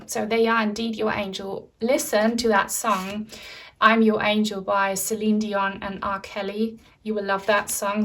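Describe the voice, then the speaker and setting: A woman reading tarot cards for viewers, speaking in a gentle, reassuring and chatty way. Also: medium pitch. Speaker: tarot reader.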